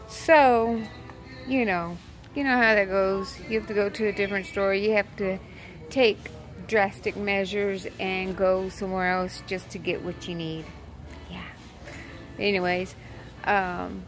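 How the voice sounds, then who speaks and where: A woman's voice: medium pitch, fairly even intonation, unhurried, over music. A young adult woman vlogging in a car and a store, chatting casually and rambling through exasperated complaints with lots of fillers. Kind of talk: casual chat. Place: inside a car, later a store.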